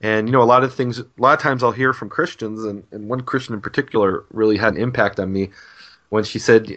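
A Bible scholar co-host explains scripture in an earnest, conversational way, frequently restarting his sentences. His fairly low voice is steady and fairly bright, and he talks fast. The podcast audio is dull and lo-fi.

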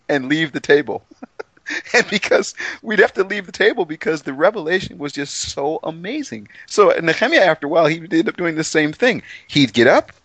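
Lively, excitable man co-hosting Bible talk. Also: a little high, no room sound. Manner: excitable, laughs often, animated storytelling. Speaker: co-host of a Bible study show. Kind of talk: enthusiastic Bible study chat.

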